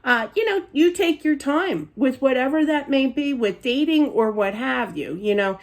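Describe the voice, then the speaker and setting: A woman's voice: sits high, lively intonation, normal speed. Reassuring Philly-accented woman psychic. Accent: Philadelphia. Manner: rambling, reassuring, peppered with "okay?" and "you know". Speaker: psychic card reader. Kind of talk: spiritual reading monologue.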